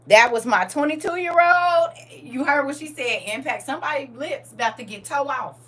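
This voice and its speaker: Blunt middle aged woman going live, bright edgy voice, kinda far off the mic. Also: sits high, animated, normal speed, few pauses. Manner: blunt, storytelling, scolding. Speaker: TikTok live host. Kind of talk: casual live-stream talk. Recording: distant from mic with faint noise.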